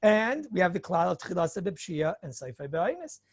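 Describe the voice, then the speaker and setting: Gravelly-voiced rabbi giving a lecture. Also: male voice, high voice, moderate pace, no room sound, clean studio sound. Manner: animated, acts out hypothetical dialogues; chuckles, frequent throat-clearing. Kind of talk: Torah lecture.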